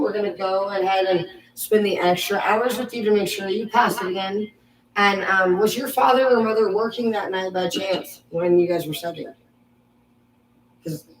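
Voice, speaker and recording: A woman voicing a scheming school administrator who makes a slow, fake-sweet announcement over the intercom. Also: mid-range voice, slight background noise, lightly acted. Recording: echoey room, voice from a distance.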